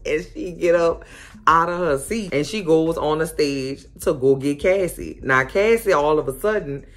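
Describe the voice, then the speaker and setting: A woman hosting a casual recap of a TV episode, telling it in a sassy, animated way full of exclamations. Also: low-pitched, moderate pace. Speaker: host.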